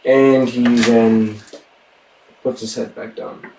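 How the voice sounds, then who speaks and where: A man narrating a tabletop game as game master, in slow, hushed, deliberate narration, recorded in a roomy space from a distant mic. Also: medium pitch, flat delivery, slight background noise.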